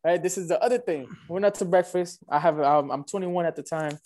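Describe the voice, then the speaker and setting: A man tells a casual story at a rapid clip. His voice sits high for a man. He acts out both sides of every exchange in loose street slang. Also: darkish tone. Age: 20s. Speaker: guest telling a dating story.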